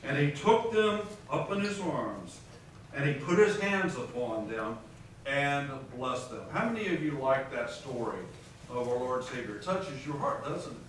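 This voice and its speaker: A man's voice: mid-range voice, sing-song, a little slow. A man preaching a sermon as pastor, reading scripture aloud and putting questions to his congregation. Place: large conference hall. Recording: echoey hall, distant mic, faint noise.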